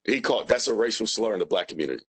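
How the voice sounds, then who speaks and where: Male witness, lowish voice, blunt and repetitive under questioning. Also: expressive, rapid-fire, husky, rough recording. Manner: plain-spoken, emphatic repetition. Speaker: witness, former union president.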